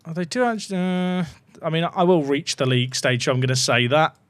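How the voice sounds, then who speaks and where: A man's voice: a little high, a little fast, clean tone, no echo. A man casually commentating on his football management game, chatty and full of joking asides to his viewers. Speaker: gaming YouTuber.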